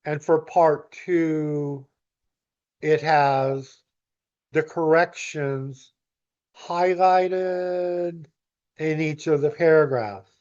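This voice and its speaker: Slow, patient man teaching grammar. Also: a little high, fairly even intonation, darkish tone, muffled recording. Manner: patient, explanatory, slow and deliberate. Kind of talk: recorded grammar lesson walkthrough.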